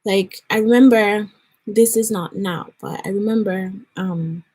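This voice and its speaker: A woman's voice: mid-range voice, fairly even intonation, unhurried, a little mellow. A woman in her twenties from Nigeria, telling a personal story in an earnest, rambling chat for her vlog. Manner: earnest, conversational, rambling with fillers. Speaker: vlogger.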